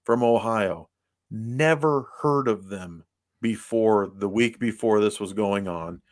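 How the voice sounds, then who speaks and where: A man's voice: fairly low pitch, slow. A man co-hosting a casual podcast chat, rambling through stories with many fillers. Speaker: podcast co-host.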